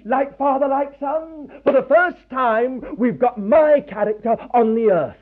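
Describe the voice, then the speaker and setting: A man preaching a sermon, animated and emphatic, with pauses. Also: very high voice. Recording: tinny phone-like old recording.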